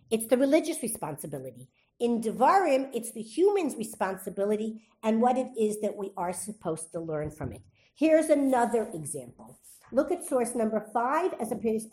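Woman teacher doing a torah class, fairly high voice that swoops up and down a lot, asks the room stuff then answers it. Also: mellow. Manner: reads Hebrew verses aloud between explanations.

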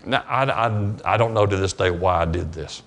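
Speaking in a low, slightly bright voice, a Southern US pastor tells a story during a sermon in the church sanctuary. He stops and restarts often, repeats words, and recounts what people said.

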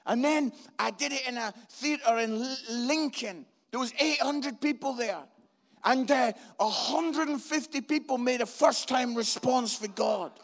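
A man, a pastor telling a comic story in a sermon. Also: very high-pitched.

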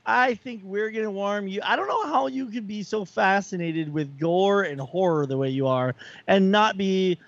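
A man's voice: high-pitched, animated, normal speed, gravelly, dry recording, muffled recording. A man co-hosting a podcast in casual chat, enthusiastic and rambling with lots of fillers. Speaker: podcast co-host.

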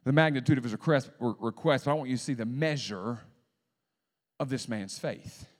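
A man pastor preaching a sermon to a congregation, with call-and-response lines and sudden swings between hushed talk and loud emphasis. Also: mid-range voice, moderate pace. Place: church sanctuary. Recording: long hall reverb.

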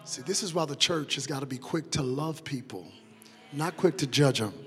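A young male pastor preaching a sermon, moving between quiet talk and shouted, rousing calls to the congregation. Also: mid-range voice, moderate pace. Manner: call-and-response preaching, swings from soft talk to shouted climaxes. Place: large church sanctuary. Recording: long hall reverb with organ music behind.

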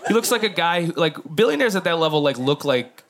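A man's voice: a little high, very animated, fast. A man doing a crude stand-up comedy set, riffing and talking straight to the crowd. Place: comedy club stage. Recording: live club audience. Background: audience laughing.

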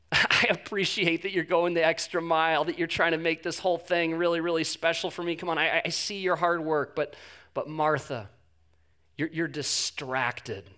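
A man voicing a calm, gentle male teacher, speaking softly and reassuringly. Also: fairly high pitch, quick pace, hardly any pauses, natural voice. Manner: soft, soothing, reassuring.

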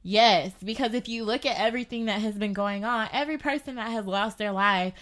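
A woman telling a personal story in casual podcast chat, animated and filling her talk with "like". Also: mid-range voice, fairly quick. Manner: animated, lots of "like". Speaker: podcast guest.

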